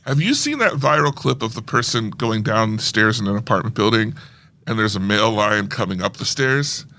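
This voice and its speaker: A male podcast co-host with a gravelly, creaky edge to a bright, forward tone. He banters casually, tossing in quick replies and jokes. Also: on the low side, animated. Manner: jokey, laughs often, short replies. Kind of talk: casual chat.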